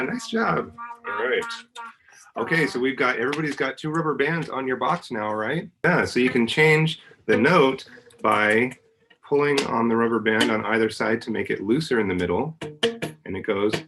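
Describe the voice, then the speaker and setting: A man's voice: medium pitch, normal speed, creaky, music in the background, low-quality recording. A man, a university professor, patiently walking children through a hands-on science demonstration at home, singing notes and making vocal sounds to show how they work. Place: family home.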